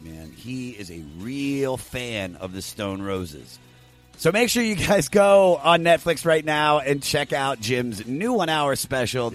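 A man hosting a podcast, talking casually and enthusiastically, swearing freely and jumping up in pitch as he hypes things. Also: a bit bright. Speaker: podcast host.

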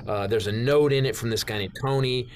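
A male comedian telling a rambling anecdote in an excitable way, with restarts, swearing and sudden high jumps when he acts out his own panic. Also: a little fast, a little hiss or hum. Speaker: comedian guest. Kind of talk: storytelling anecdote.

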